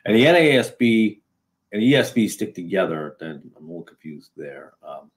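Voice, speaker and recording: A man's voice: on the low side, very animated, normal speed. A man from New England hosting a casual solo video, talking in a sarcastic, rambling way with many fillers and restarts. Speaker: video host.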